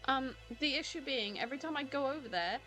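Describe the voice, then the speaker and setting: A woman's voice: high-pitched, expressive, fast, pushed and bright, soft background music. A woman chatting casually as she streams a video game, often confused and laughing. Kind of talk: casual let's-play commentary.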